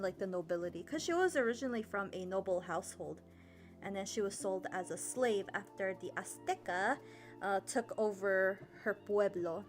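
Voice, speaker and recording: A chatty woman teaches history on a livestream and talks to her chat in a loose, rambling way, full of fillers. Her voice sits a little high. Soft music plays faintly underneath. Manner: chatty, rambling with many fillers, laughs often. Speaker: history streamer teaching a lesson. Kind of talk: casual livestream lesson, reading chat.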